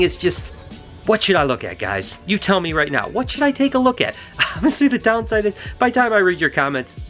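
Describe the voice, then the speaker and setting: A middle-aged man, a reptile breeder, chatting casually and excitedly as he walks through his shop showing animals. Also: a little high. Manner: excited, gushing, exclamatory. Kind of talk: casual vlog walkthrough.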